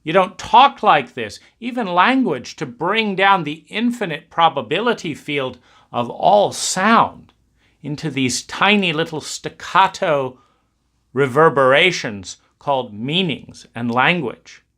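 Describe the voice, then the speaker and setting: A man giving a reflective talk, speaking in slow, emphatic, repetitive cadences. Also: fairly high pitch, lively intonation, bright, forceful tone.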